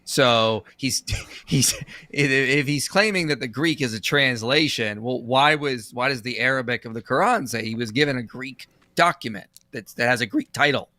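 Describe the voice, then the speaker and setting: Bright-voiced man asking questions on a stream. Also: medium pitch, normal speed, no echo. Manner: questioning, puzzled. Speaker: co-host. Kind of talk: livestream debate commentary.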